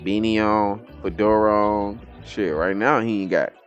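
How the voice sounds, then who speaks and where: A man hosting a casual comic reaction video, talking to viewers in a swearing, animated way. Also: fairly low pitch, unhurried, muffled recording, faint music behind. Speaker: reaction channel host.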